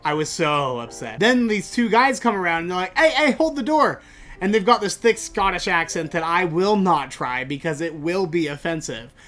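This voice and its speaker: Animated man telling a funny story. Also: moderate pace, hardly any pauses, soft background music. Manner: animated, jokey, rises in pitch when excited. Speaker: podcast host. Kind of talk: comic storytelling.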